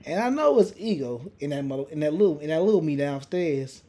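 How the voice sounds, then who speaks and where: A young man hosting a casual podcast, telling a story in a profane, animated way with lots of restarts. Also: a little high, a little fast. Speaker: podcast host. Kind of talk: casual chat.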